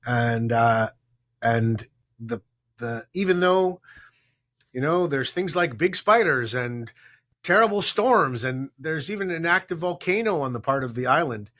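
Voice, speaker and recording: A man, a company co-founder, speaking as an interview guest in an earnest, measured, heartfelt way. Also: medium pitch, animated, fairly bright tone. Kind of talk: reflective conversation.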